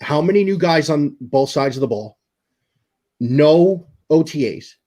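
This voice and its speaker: A man from New York on a casual sports podcast, talking in a measured, thoughtful way. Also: fairly high pitch, lively intonation, warm tone.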